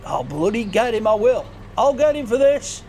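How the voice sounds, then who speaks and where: A man voicing a hot-tempered farmer with a strained, raspy voice who rants and threatens. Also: high-pitched, big pitch swings, normal speed, slight background noise, pitched above the performer's own voice. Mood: furious. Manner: ranting, threatening, yelling. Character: furious shouting male farmer, hot-tempered. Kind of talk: game video character voice.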